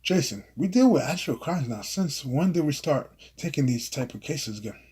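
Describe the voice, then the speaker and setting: A man reading the lines of an irritated, skeptical male detective partner in his own husky voice, sounding exasperated. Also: on the high side, animated, normal speed, darkish tone. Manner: exasperated, grumbling.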